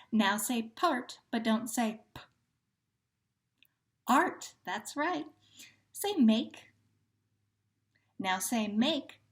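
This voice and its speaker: A woman teacher runs a syllable drill with a young class. She talks very slowly and spells out each sound with care. Her voice sits a little high. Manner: slow, patient, enunciating each syllable. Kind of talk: phonemic awareness drill.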